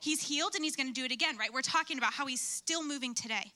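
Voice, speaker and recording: Young woman telling her testimony at church, high bright voice, chatty and animated. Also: fast talker. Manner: chatty, animated storytelling with fillers. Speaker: speaker at church. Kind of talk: personal testimony.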